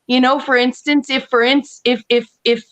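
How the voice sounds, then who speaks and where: A woman with a fairly high voice chats casually as a guest on an online panel. She rambles, restarts her sentences often and breaks into laughs along the way. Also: level tone, normal speed, fairly bright tone.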